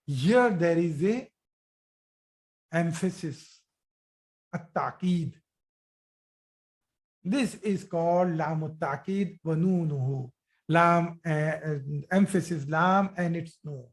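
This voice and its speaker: A teacher giving a live online grammar lesson, explaining slowly and repeating forms, checking with students by asking questions. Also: female voice, on the low side. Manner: slow, repetitive explaining, asks students questions.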